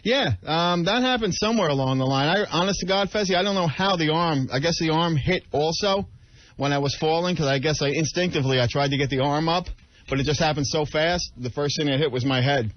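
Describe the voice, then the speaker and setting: A man's voice: on the high side, fairly quick, no room sound. A man, a radio show producer, explaining himself sheepishly and at length in casual on-air banter. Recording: lo-fi radio broadcast.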